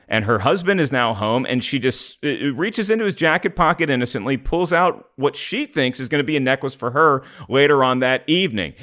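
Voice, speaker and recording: Brief: man podcast co-host, wry and rambling, middle pitch. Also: a bit bright. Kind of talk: casual film discussion.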